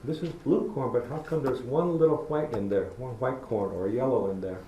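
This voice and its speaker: Speaking at medium pitch and a normal pace, this middle-aged public lecturer has a mellow voice. He tells homespun stories in a university lecture hall and performs how he talks with kids. The recording carries hall echo and a little noise.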